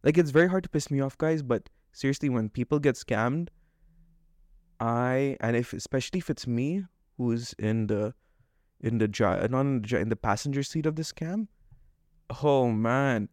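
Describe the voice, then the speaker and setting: A man's voice: mid-range voice, moderate pace, a little mellow, no room sound, clean studio sound. A man co-hosting a podcast, ranting with agitation about a bad purchase, acting out quoted back-and-forth exchanges. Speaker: podcast co-host. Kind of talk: casual podcast rant.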